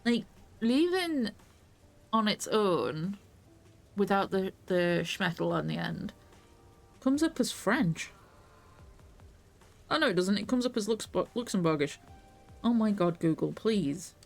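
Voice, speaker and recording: A woman streamer talks her way through a video game, chatty and casually profane. Her voice sits at a middling pitch with a gravelly edge. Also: big pitch swings, measured pace, long pauses, faint music behind. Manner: chatty, swears casually, laughs often. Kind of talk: live gameplay commentary.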